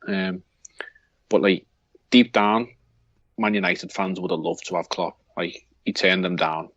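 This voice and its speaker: A man's voice: deep voice, measured pace, fairly bright tone, no room sound, dull audio. A man with a Liverpool accent co-hosting a football podcast, talking in a rambling way with many restarts. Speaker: podcast co-host. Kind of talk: casual football chat.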